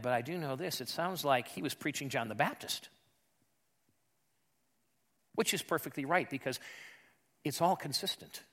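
A male pastor preaching a storytelling sermon. He talks conversationally with repeated restarts and swings from quiet asides to loud, emphatic peaks. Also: medium pitch.

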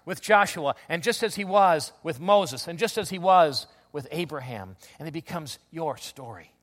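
A man preaching a conversational sermon, telling stories with lots of restarts and animated asides. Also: on the high side, normal speed. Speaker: pastor.

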